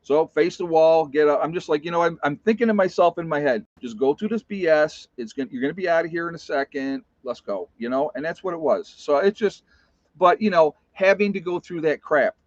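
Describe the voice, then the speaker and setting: A man's voice: a little high, animated, fairly quick, no room sound. A man in his fifties telling a personal story in a rambling, casual way, full of "you know" and restarts. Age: 50s. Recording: dry, slightly dull sound.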